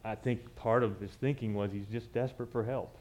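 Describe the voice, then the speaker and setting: A man's voice: on the low side, fairly even intonation, fairly quick, darkish tone. A man, telling a personal story from the pulpit in a conversational, reminiscing way with frequent restarts. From southern United States. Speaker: church speaker.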